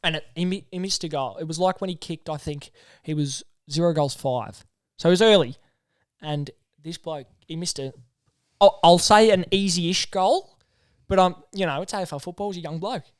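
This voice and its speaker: An Australian man in casual banter, his voice pitched high and clean. He tells stories in a relaxed way and laughs often, recorded close and dry with no room sound. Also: normal speed, dry recording. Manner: storytelling, laughs easily. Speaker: podcast co-host.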